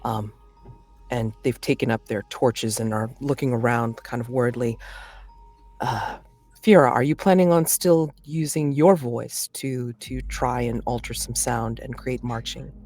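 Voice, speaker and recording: A game master running a tabletop horror game, halting with many restarts and sudden bursts of excited laughter. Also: medium pitch, faint music behind.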